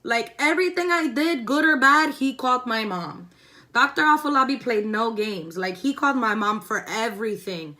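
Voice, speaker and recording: Animated, swearing young woman telling a story. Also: fairly high pitch, moderate pace. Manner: animated, profane, acts out quoted voices. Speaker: vlogger. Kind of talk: casual storytime while doing makeup. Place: indoors at home, doing makeup.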